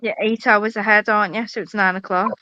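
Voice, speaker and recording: A woman's voice: medium pitch, fairly even intonation, brisk, sharp tone. A woman hosting a livestream, teasing her guest and giggling in casual banter. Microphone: video call. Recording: dull lo-fi video call.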